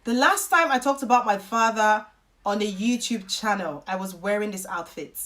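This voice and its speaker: A woman chats on a live stream, reading viewer comments aloud. Her voice sits high and swoops around a lot. She lectures with emphatic, repeated lines. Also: animated, brisk, pushed and bright. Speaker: YouTuber hosting a live stream.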